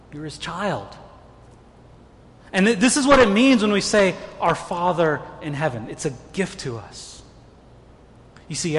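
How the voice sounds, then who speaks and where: A man's voice: sits high, big-room sound. A man preaching a sermon as a pastor, earnest and stumbling into repeated words as he presses his points.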